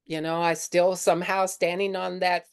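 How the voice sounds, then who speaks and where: Middle-aged woman, lowish voice, talking real candid to her spiritual group, lots of "you know"s. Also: flat delivery, normal speed, clear, resonant tone. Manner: earnest and conversational, with many fillers like "you know". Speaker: speaker leading a spiritual discussion group. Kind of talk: candid personal sharing talk.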